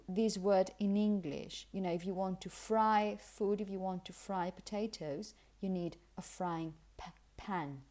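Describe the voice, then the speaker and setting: This pronunciation lesson comes from a Spanish-accented woman, a native Spanish speaker, who explains English sounds carefully and repeats example words. She has a mellow, medium-pitched voice.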